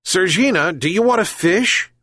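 A man's voice: high-pitched, animated, normal speed, sharp tone, breathy edge, no room sound, clean studio sound, voice pushed up, full character voice. A man voicing a kind, sick old fisherman who calls and pleads with his pets. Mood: calling. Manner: calling out, pleading.

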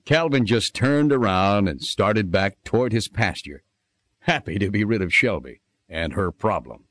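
A man reads a children's story aloud in a lower voice with a lively, rising and falling melody. His delivery is expressive and sing-song, recorded close and dry. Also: measured pace, dry recording. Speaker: narrator.

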